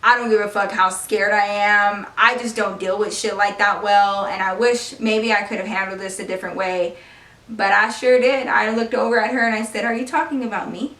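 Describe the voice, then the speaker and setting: A young woman in her twenties casually telling a story on her vlog, animated and swearing freely. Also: mid-range voice, normal speed. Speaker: beauty vlogger telling a story. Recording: echoey room, far from the mic.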